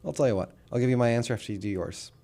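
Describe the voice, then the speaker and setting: A man's voice: mid-range voice, racing, warm tone. A man co-hosting a casual political podcast, laid-back and teasing in a dry way. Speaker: podcast co-host.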